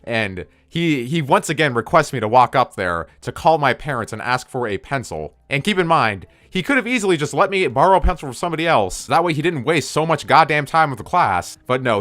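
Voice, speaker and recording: A young man from the United States casually tells a story from his school days, rambling off on tangents and swearing a lot. His voice is mid-range and fairly bright, with no room sound.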